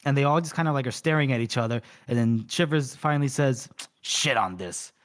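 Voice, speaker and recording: A man on a book podcast, talking through a story scene by scene in an easy, rambling way. His voice sits at an ordinary middle pitch, and he slips into quick put-on voices for the characters before dropping back to his own. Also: smooth. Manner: rambling retelling with many fillers, acting out lines. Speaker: podcast co-host. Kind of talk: casual book recap.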